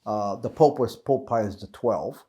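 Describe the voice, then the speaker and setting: A man's voice: on the low side, a little slow, mellow. A man presenting a Catholic video lesson, speaking earnestly and conversationally to the viewer in an unscripted talk. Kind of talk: unscripted teaching talk to camera.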